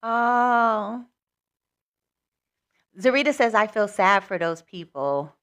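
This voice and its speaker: A woman hosts a spiritual livestream and talks casually to her viewers. Her voice is bright and clear. She rambles candidly, with many fillers and restarts. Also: medium pitch, animated, slow.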